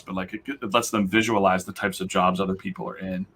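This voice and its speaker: A male host with a low yet bright, sharp-edged voice leads a casual interview over a video call. He talks in a relaxed, agreeable way, full of fillers. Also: fast talker, slight background noise.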